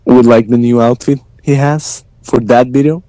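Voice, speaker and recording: A man who creates a game, chatting casually, relaxed and explaining at length with casual swearing. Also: medium pitch, moderate pace, no room sound, rough recording. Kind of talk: casual chat in a voice chat.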